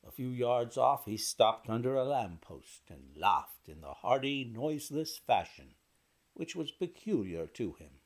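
A man narrating a classic detective story in a measured, expressive reading style. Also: medium pitch, no room sound. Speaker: audiobook narrator. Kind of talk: audiobook narration of classic fiction.

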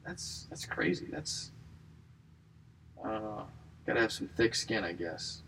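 A man's voice: on the low side, sing-song, slow pace, creaky, a bit bright, recorded from a distance, slight background noise, low-quality recording. A man in his thirties hosting a comedy podcast, rambling casually with wry, self-mocking asides.

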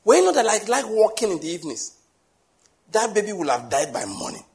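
Animated preacher man, slightly high voice. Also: a little fast. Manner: animated, asks rhetorical questions, acts out little scenes. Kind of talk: sermon.

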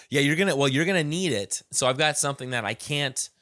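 A man's voice: medium pitch, lively intonation, normal speed, bright, forceful tone, no echo. Man co-host, eager rambling chat on a call, dry mic. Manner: enthusiastic, rambling with restarts. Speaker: podcast co-host.

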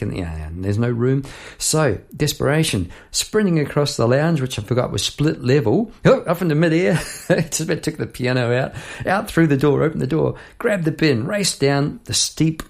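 A man's voice: mid-range voice, creaky, a little mellow. A middle-aged Australian man, a songwriter and piano teacher, chatting casually and laughing at himself as he tells a story.

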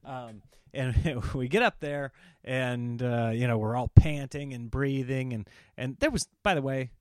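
A middle-aged man telling a comic family story as a podcast host, lively and jumping into high voices for the people he quotes. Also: a little slow, no room sound, studio quality. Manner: animated, acts out quotes in raised voices.

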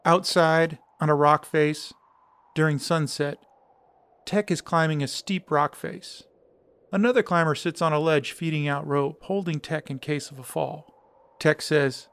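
Male narrator reading a screenplay, smooth voice, dry close sound. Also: fairly high pitch, unhurried, no room sound. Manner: steady, descriptive.

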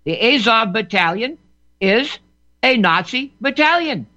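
A commentator delivers an emphatic political monologue, often repeating words and restarting phrases. His very high voice is bright and forceful, with lively intonation and an unhurried pace, captured in a dull lo-fi recording.

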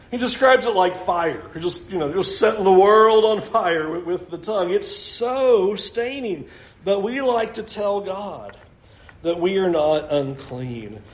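A male pastor delivers a sermon with animated, storytelling energy and slips into the voices he quotes. His voice sits high for a man. The room around him has a noticeable echo. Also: normal speed.

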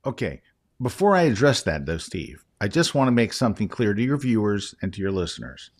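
A man's voice: lowish voice, sing-song, brisk. A man who is a guest photography educator, telling an anecdote in a casual interview and often addressing the host by name.

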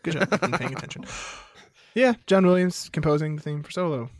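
A man's voice: a little high, brisk, dry recording. Dry-joking podcast co-host, male. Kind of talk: casual chat.

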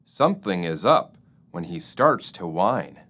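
A man's voice: low-pitched, very animated, measured pace, fairly bright tone, exaggerated voice. A man doing a worried, pleading flea. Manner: anxious, pleading. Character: worried earnest male flea.

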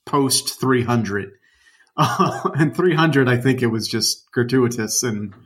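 A man's voice: mid-range voice, takes it slowly, fairly bright tone. A man co-hosting a podcast, talking films in an enthusiastic, rambling way. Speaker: podcast co-host. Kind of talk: casual film discussion.

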